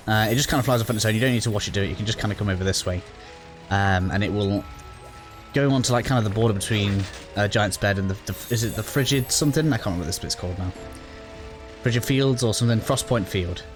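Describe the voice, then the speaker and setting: A man's voice: fairly low pitch, fast. Hesitant man narrating gameplay over faint music. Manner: rambling, hesitant, many fillers and restarts. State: a little out of breath. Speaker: gaming YouTuber. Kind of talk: casual gameplay walkthrough commentary.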